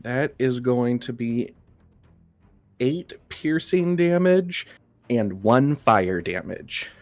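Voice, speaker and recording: A man playing a character in a tabletop game, declaring his actions in a lively, joking way. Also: mid-range voice, drawn-out words, no room sound, soft background music. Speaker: player. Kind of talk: casual tabletop play.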